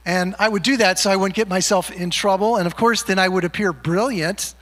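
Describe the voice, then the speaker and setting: High-voiced pastor preaching in a reverberant church. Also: male voice, steady tone, a bit bright. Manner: joking, conversational, slows to read scripture. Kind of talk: sermon. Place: church sanctuary. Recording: long hall reverb.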